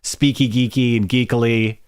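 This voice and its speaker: A man hosting a podcast, asking questions in a relaxed, self-deprecating way. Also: medium pitch, normal speed, clear, resonant tone, dry recording, clean studio sound. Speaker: podcast host. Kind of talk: casual podcast interview.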